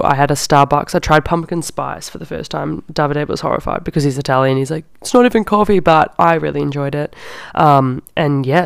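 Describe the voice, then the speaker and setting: A woman's voice: deep voice, gravelly, clear, resonant tone, no echo, clean studio sound. A young woman, hosting a podcast and telling a casual story in a chatty way, often saying "like". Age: young adult. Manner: chatty, heavy use of "like". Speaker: podcast host.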